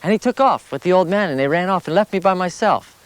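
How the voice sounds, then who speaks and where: A man recounting his walking travels as a lively anecdote, his voice climbing high at the funny moments. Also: fast talker, no room sound. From United States. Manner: animated, rising sharply at the funny parts. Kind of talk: anecdotal storytelling.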